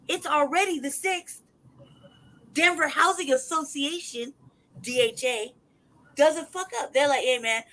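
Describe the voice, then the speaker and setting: High-voiced man in an angry profane rant. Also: rough recording. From United States. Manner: angry, profane, loud outbursts. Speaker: podcast host. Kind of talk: heated casual rant.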